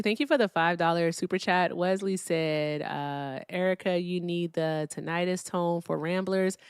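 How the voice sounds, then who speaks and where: A woman's voice: lowish voice, clean tone, dry recording, studio quality. A woman hosting a live call-in debate stream, blunt and profane, brushing callers off.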